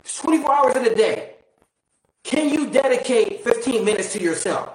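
Man, high voice, blunt, preachy, swears, motivational monologue, echoey room. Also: expressive, moderate pace. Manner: asks the listener direct questions. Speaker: motivational speaker. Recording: roomy echo.

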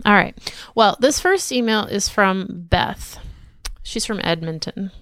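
A woman's voice: mid-range voice, animated, measured pace, fairly bright tone, no echo, studio quality. A woman co-hosting a podcast, chatting in a friendly, easygoing way and reading listener emails aloud. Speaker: podcast co-host.

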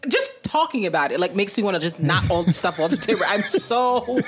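A woman co-hosting a casual podcast chat, animated and playful, breaking into high sing-song bits. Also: fairly quick, noisy background. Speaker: podcast co-host.

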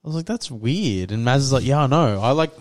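A man's voice: mid-range voice, expressive, fairly quick. A young man, co-hosting a podcast and telling a rambling story full of "like" and acted-out quotes. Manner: rambling storyteller, lots of "like" and restarts, acts out quotes. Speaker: podcast co-host. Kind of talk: casual chat, telling a story.

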